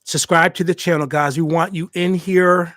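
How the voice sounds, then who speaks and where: A man livestreaming for his hospitality YouTube channel talks straight to viewers, emphatic and repeating phrases for weight. His pitch is fairly high, his intonation fairly even, his speed normal and his tone fairly bright. His USB desk microphone gives clean studio sound with no echo.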